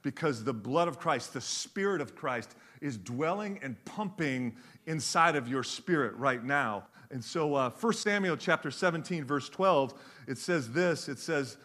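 A middle-aged man, preaching a sermon with animated, joking storytelling. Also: on the high side, unhurried, few pauses. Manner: animated storytelling with jokes, varied pace. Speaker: pastor.

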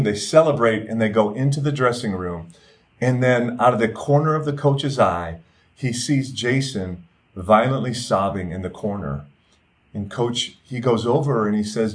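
A middle-aged man preaching a sermon as pastor, earnest, with repeated phrases and stretches where he drops softer. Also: mid-range voice.

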